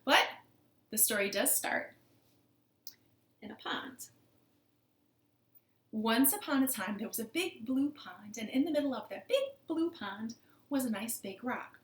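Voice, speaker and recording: Animated woman reading storytime. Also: a little high. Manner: animated and playful, asks the kids questions. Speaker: children's librarian. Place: living room at home. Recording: roomy living room.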